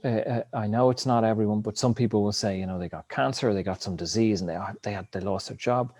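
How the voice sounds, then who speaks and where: Guy with a lowish voice rambling about life and meaning, casual swearing, dry close sound. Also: darkish tone, no room sound. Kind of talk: casual spiritual monologue.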